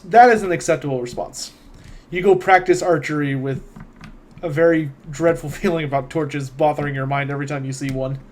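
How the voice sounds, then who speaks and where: A man running a tabletop role-playing game, narrating scenes at an unhurried pace with many small hesitations. His voice is fairly high for a man. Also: a little mellow, slight background noise. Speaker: game master.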